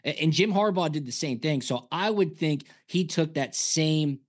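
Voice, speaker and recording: A former punter co-hosting a casual sports podcast, telling stories and acting out quotes. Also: male voice, a little high, normal speed. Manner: animated storyteller, acts out quotes.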